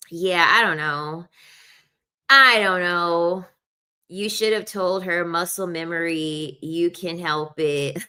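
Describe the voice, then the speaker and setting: A woman's voice: on the low side, takes it slowly, bright, forceful tone, smooth. A young adult woman talking in a casual, rambling chat, full of "like" fillers and the odd laugh. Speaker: podcast host.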